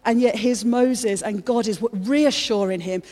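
A woman's voice: on the high side, a little slow, hardly any pauses, a little mellow. A woman preaching a sermon in church, fervent and repeating her phrases as she builds.

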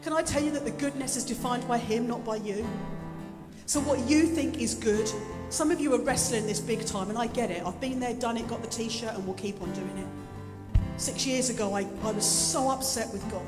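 Woman preacher with a bright, high voice, talking easily with the room; long hall reverb under her. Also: normal speed. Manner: chatty preaching, repeating phrases, joking asides. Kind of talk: sermon. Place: church hall. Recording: echoey hall with music. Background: live instrumental music.

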